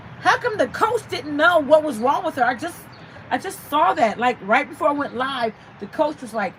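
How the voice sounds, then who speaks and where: A woman's voice: high voice, very animated, normal speed, slight background noise, low-quality recording. A woman hosting a casual livestream, chatting and reading out viewer comments. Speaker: livestream host.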